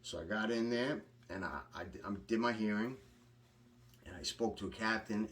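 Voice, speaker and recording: Blunt, cursing New man, low voice. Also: normal speed, fairly bright tone, distant mic, a little hiss or hum. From Long Island, New York. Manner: blunt, profane, rambling with restarts. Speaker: vlogger recounting prison experiences. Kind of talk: casual storytelling monologue.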